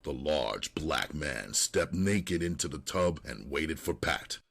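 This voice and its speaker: A man narrating an audiobook in a steady, unhurried storytelling manner. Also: very deep voice, gravelly.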